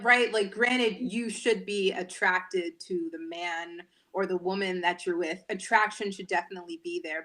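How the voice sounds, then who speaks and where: A woman's voice: medium pitch, pushed and bright. A woman news anchor in her thirties, chatting candidly and animatedly as a guest on a talk show.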